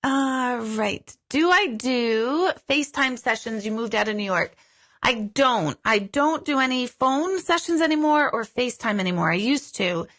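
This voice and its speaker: A middle-aged woman, a psychic medium, chatting casually in a live Q&A and telling stories with lively quoted asides. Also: on the high side, a little slow.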